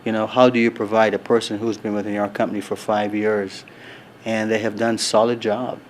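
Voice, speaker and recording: A middle-aged man answering interview questions at a convention in an earnest, measured way, with many fillers and restarts. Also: lowish voice, flat delivery. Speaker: resort executive, interview guest. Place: convention floor.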